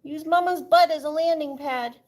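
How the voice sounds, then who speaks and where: A woman's voice: high-pitched, moderate pace, darkish tone. A woman streaming live, coaxing her cat in sing-song baby talk and chatting with viewers as she reads their messages. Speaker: livestreamer with pet cats. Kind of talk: casual live-stream chat.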